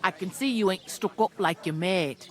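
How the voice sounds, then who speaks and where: A woman voicing a brisk, no-nonsense village tavern keeper in a video game. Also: lowish voice, lightly acted. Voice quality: blunt, no-nonsense.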